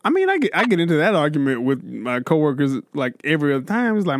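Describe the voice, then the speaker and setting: A man's voice: a little high, very animated, fast, few pauses, slight background noise. A man co-hosting a podcast, telling blunt, joking stories in casual banter. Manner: laid-back, blunt, joking storyteller. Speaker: podcast co-host.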